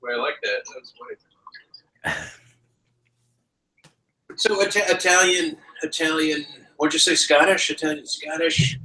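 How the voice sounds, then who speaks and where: Bright-voiced joking male host. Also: a little high, unhurried, long pauses, poor audio. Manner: rambling, joking, prone to sarcastic rants. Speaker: podcast host. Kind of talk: casual chat.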